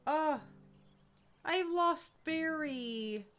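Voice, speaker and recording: Young woman, game streamer, high voice, unhurried chatty commentary, faint background music. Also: fairly bright tone, rough recording. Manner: chatty, reacting to the game and reading chat aloud. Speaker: live streamer. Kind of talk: casual gameplay commentary.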